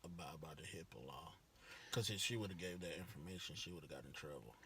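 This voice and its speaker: A man calmly chiming in on a vlog conversation and explaining things matter-of-factly. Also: sits low, a little fast, husky. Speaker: vlog co-host. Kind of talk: casual conversation.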